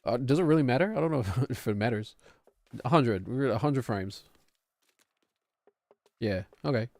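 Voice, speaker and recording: A man's voice: medium pitch, animated, normal speed, creaky, darkish tone, dry recording. A man streaming a game, chatting in a rambling, self-deprecating way. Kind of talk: casual chat while gaming.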